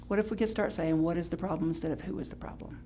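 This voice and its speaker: Woman pastor delivering a casual, animated Sunday sermon; playful and conversational with a faint hum behind her. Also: racing. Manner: animated and playful, with sudden high exclamations; chatty, with restarts and self-correction. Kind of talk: live-streamed Sunday sermon.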